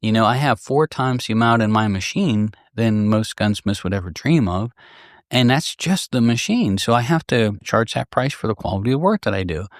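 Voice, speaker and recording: Low-voiced middle-aged gunsmith host. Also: male voice, expressive, moderate pace, no echo, clean studio sound. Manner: candid, rambling, with restarts. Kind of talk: casual storytelling podcast.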